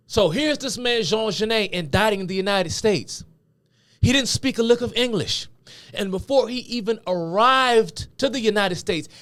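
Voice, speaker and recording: High-voiced man lecturing emphatically. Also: a bit bright. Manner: emphatic, conversational, uses casual slang. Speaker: political commentator. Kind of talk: lecture-style video commentary.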